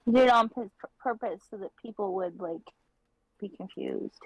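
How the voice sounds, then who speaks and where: A woman's voice: mid-range voice, normal speed, slightly rough, dry recording, poor audio. Matter-of-fact woman explaining things. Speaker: livestream artist. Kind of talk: casual chat while drawing.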